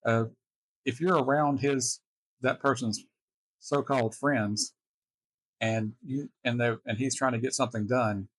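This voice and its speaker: A man hosting a reaction video, telling personal stories in a halting, casual way with wry chuckles. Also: medium pitch, steady tone, dry recording. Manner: halting, restarts often, chuckles wryly.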